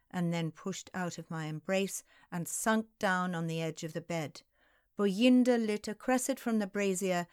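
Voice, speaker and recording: A woman narrating a historical novel in the first person, in a slow, unhurried audiobook reading. Her voice sits mid-range and is recorded dry and close, with no room sound. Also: on the low side, clear, resonant tone, no echo. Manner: slow, measured storytelling.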